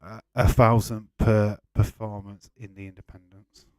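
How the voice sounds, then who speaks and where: A man's voice: lowish voice, little pitch movement, a little slow, darkish tone, no room sound. A man hosting a casual live watch-along stream, chatting loosely with frequent swearing and rambling restarts. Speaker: livestream host.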